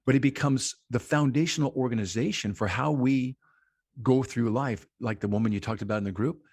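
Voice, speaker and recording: A man's voice: mid-range voice, expressive, normal speed, darkish tone, husky, no echo, clean studio sound. A man on a mental health podcast, explaining concepts at length in conversation and often posing rhetorical questions.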